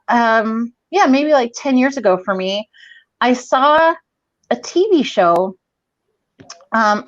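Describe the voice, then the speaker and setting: A woman's voice: on the high side, no echo, muffled recording. Profane, rambling woman telling a story. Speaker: guest comedian. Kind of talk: casual storytelling.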